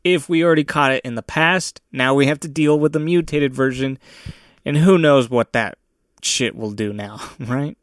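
A man's voice: medium pitch, normal speed, dry recording, clean studio sound. Profane, ranting young man. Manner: crude, heavily profane, sardonic ranting. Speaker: podcast host. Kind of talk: profane solo rant.

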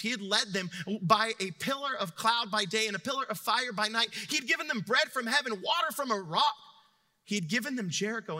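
High, bright-voiced young preacher in a hall. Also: male voice. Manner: animated storytelling, playful asides. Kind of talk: sermon. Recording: long reverb of a hall.

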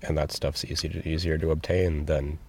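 Very deep gravelly young man. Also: level tone, a little mellow, a little hiss or hum. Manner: halting, earnest, gets emotional. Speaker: interviewee, store cashier. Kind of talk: candid interview talk.

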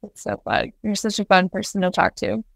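A woman's voice: medium pitch, flat delivery, brisk, vocal fry, no room sound. A woman hosting a podcast, asking questions in an enthusiastic, encouraging way. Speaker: podcast host. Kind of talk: interview questions.

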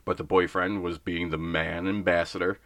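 Brash young man ranting, bright voice. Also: sits low, level tone, moderate pace, dry recording. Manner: blunt, ranting, acts out voices in stories. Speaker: podcast co-host. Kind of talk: casual podcast chat.

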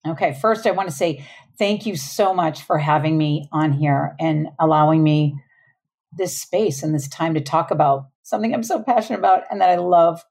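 A woman in her forties with a low, dark, mellow voice. She talks earnestly and casually as a parenting coach on a podcast and laughs often. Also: normal speed. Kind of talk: casual interview talk.

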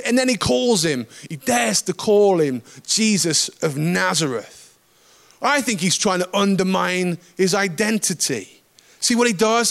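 Guy preaching a sermon, pretty high voice, chatty and jokey. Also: vocal fry. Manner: conversational, lively with asides and humor.

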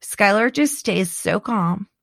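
A middle-aged woman talking in a casual chat as co-host, animated and chatty, laughing often and restarting her sentences. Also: medium pitch, slow pace, gravelly, dry recording, clean studio sound. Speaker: podcast co-host.

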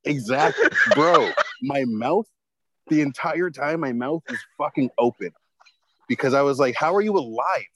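Man spinning a long anecdote, profane and rambling, even mid pitch. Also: a little slow, slight background noise, rough recording. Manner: rambling, heavy swearing, lots of fillers. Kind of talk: casual storytelling chat.

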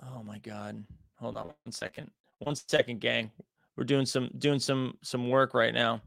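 Gravelly young man streaming live. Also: mid-range voice, fairly even intonation, measured pace, a bit bright. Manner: frustrated, restless, talks straight to the chat. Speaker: livestream host. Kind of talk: casual livestream chat.

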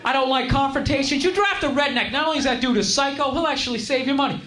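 A man doing a stand-up comedy set, ranting and shouting his punchlines. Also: extremely high pitch, fast talker. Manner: ranting, shouty, puts on voices. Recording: echoey live venue with loud crowd and noise. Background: loud laughing audience.

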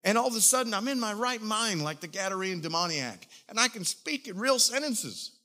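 Male pastor, high-ish forceful voice, emotional animated testimony sermon. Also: fairly quick.

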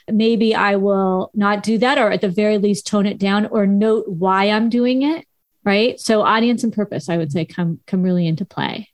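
A woman's voice: mid-range voice, no echo. A woman with a Southern Californian accent, co-hosting a casual chat and explaining things frankly like the former English teacher she is. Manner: frank, teacherly, pushes back with firm explanations. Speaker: podcast co-host, former high school English teacher.

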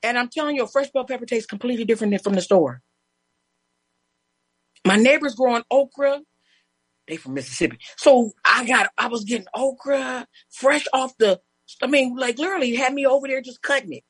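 Interview guest: a woman with a husky, fairly high voice, telling stories with energy and laughter, dry sound. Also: a little fast, no echo. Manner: animated, laughing, acts out neighbors' lines. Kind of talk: casual storytelling chat.

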